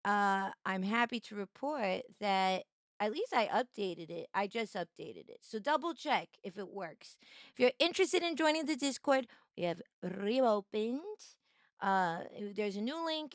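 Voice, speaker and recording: A woman's voice: fairly high pitch, sing-song, measured pace, a bit bright, no echo, clean studio sound. A woman streamer chatting casually on a live stream, greeting viewers by name in a bubbly, playful way.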